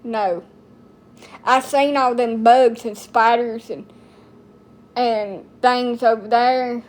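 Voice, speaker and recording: Woman, 30s, American, unhurried, rambling, blunt, folksy livestream talker. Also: on the high side, fairly even intonation. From United States. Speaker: TikTok streamer. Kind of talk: casual chat to camera.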